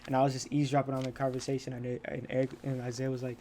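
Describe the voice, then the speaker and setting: A young man co-hosting a podcast chats casually and candidly, rambling, swearing a lot and restarting often. His warm, mid-range voice is rapid-fire with a completely flat delivery. A little hiss or hum can be heard.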